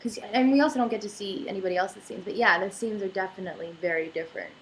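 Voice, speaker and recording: A young woman from Canada with a Canadian accent, chatting casually on a livestream in a lively, teasing way. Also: mid-range voice, quick pace, a little hiss or hum, rough recording. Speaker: actress answering fan questions.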